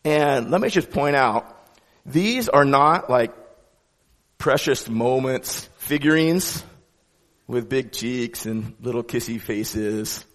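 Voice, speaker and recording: A man giving a sermon as pastor, with a conversational, animated delivery and frequent restarts. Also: mid-range voice, slow pace, in a large hall.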